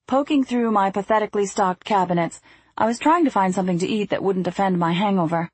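Husky woman narrating an audiobook. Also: medium pitch, fast talker, darkish tone, dry recording. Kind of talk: first-person audiobook narration.

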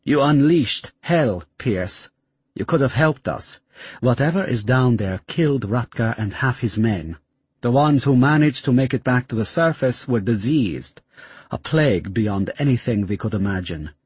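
Audiobook commander: deep, cold, accusing, husky edge, read by a man. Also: animated, unhurried, darkish tone, dry recording. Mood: bitter. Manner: bitter, accusing. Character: menacing grieving military commander, man.

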